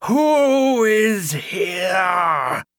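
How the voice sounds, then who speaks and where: A man's voice: high-pitched, very animated, fairly bright tone, no echo, pitched above the performer's own voice, heavily acted. A man voicing a cold, hollow old ghost woman. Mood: furious. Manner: slow, chilling, drawn-out.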